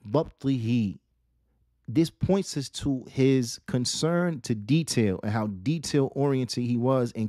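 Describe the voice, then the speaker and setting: A man giving a religious lesson, asking rhetorical questions, repeating key phrases and reading Arabic quotations quickly. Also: medium pitch, a little mellow, no room sound, studio quality. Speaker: Islamic teacher.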